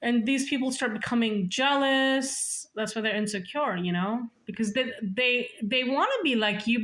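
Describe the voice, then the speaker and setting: A woman speaks in a high voice with a bright, forceful edge, telling her own story for a casual vlog. She is blunt and profane and hammers her points home, often repeating and restarting words. Her delivery stays emphatic throughout. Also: moderate pace, few pauses.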